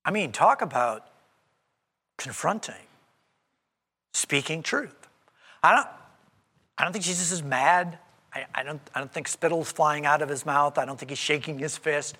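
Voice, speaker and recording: A male pastor preaching a conversational sermon, animated and acting out the voices in the story. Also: a little high, moderate pace, pauses often, long reverb tail. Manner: animated and conversational, acts out quoted speech.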